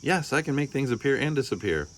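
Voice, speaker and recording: A man's voice: medium pitch, very animated, fast, pitched above the performer's own voice, lightly acted. A man voicing a forgetful, stubborn young boy anteater in a storybook reading, answering in simple, matter-of-fact lines. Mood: plain. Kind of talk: storybook read-aloud.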